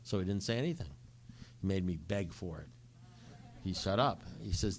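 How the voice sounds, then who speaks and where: A middle-aged man giving a recovery talk, telling his story with animated acted-out dialogue. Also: deep voice, moderate pace, slight background noise. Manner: animated storytelling, acts out both sides of dialogue. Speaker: recovery speaker.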